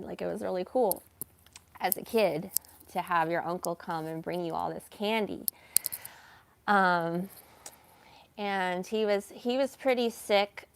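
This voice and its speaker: Slow, gravelly-voiced woman telling a story. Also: fairly low pitch. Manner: slow, hesitant, full of fillers and self-reproach. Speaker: vlogger. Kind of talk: casual personal storytelling.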